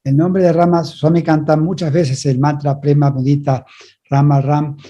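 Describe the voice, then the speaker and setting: Male interpreter, fairly high voice, mellow tone, short relayed phrases. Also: level tone, moderate pace, muffled recording. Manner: relays each passage in short phrases, restarting now and then. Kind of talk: consecutive interpretation of a spiritual talk.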